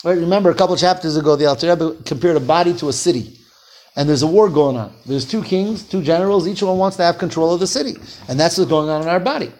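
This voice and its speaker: Man, Torah teacher, fairly high voice, reads and explains a text, quizzes the class. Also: fast, a little mellow. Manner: reads Hebrew phrases then translates, asks students questions.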